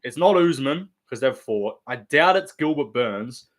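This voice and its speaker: A man's voice: medium pitch, expressive, a little slow. A young man rambling casually and profanely on a live stream, laughing often and reading chat.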